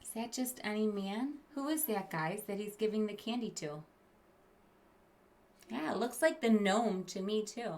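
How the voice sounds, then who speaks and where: A woman's voice: medium pitch, lively intonation, a little slow, a little mellow. A woman teacher reading a picture book aloud to children. She stops to explain words, asks the kids questions and drops into whispered asides.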